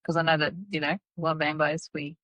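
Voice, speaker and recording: A woman hosting a podcast interview, a former paramedic asking gentle questions with supportive replies. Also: low-pitched, level tone, fast, dry recording, dull audio. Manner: supportive, short encouraging replies. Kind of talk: casual interview.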